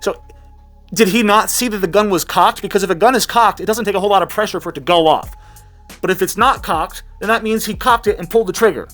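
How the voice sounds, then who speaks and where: A man's voice: sits high, fast talker, fairly bright tone, faint music behind. A man giving sarcastic, mocking reaction commentary, rambling with restarts. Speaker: commentary vlogger.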